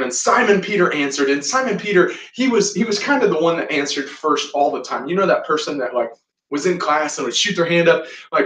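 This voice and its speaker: A man's voice: on the high side, a bit bright. A man preaching a sermon, telling a Bible story and acting out its lines. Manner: storytelling preacher, acts out quoted lines with voices. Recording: echoey room, from a distance.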